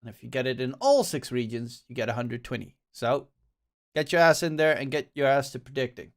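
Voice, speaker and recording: A man's voice: medium pitch, animated, fairly quick. Joking male co-stream host. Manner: loose, joking, promotional asides. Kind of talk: casual streamer chat.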